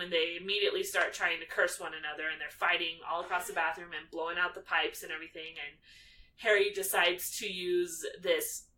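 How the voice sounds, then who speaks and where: A young woman co-hosting a podcast breezily recaps a film, swearing now and then and acting out the characters. Her voice is lowish, bright and forceful. The mic is distant, with faint background noise.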